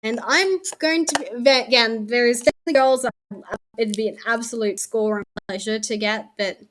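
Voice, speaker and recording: Unboxing souvenirs on stream, this young Australian woman talks casually in a fairly bright, somewhat high voice at normal speed. Offhand swearing slips in, and she often trails off mid-sentence.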